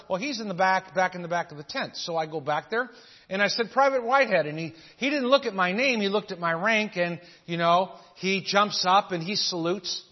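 A high-voiced man preaches with fervor, swinging between loud emphatic peaks and quieter storytelling. His voice rings through a large hall with a long reverb, and the sound is slightly dull. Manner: fervent, storytelling, voice rises and drops. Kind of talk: sermon with personal story.

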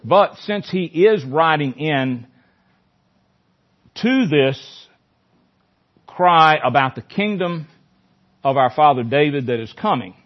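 A man's voice: on the high side, animated, slow, long pauses. A man leading a Bible study in a conversational teaching style, often repeating phrases for emphasis. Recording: dull lo-fi recording.

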